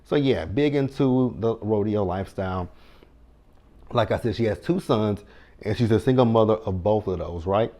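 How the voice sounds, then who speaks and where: A man's voice: on the low side, normal speed, mellow. A man, recapping a reality show in a chatty, sassy way with mock-quoted reactions. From Texas. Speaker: TV recap host. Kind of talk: casual recap commentary.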